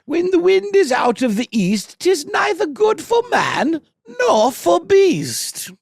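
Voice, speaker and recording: A man voicing an old-timey British figure who declaims a folk rhyme in a British accent, high and loud and drawn out. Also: wildly swooping pitch, takes it slowly, vocal fry, no room sound, clean studio sound, exaggerated voice. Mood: declaiming.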